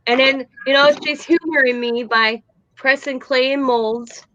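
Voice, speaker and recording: An older woman hosting a casual chat, telling lively stories about her granddaughter. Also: sits high, a little slow, dull audio. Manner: animated storyteller, quotes her granddaughter. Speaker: host.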